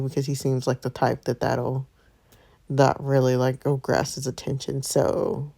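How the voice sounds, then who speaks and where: A woman with a low, mellow voice chatting playfully through a romance story game, giggling and reacting as she goes. She reads the choices out and muses aloud in a casual, chatty way. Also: fairly even intonation, normal speed. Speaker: gamer. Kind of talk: let's play commentary.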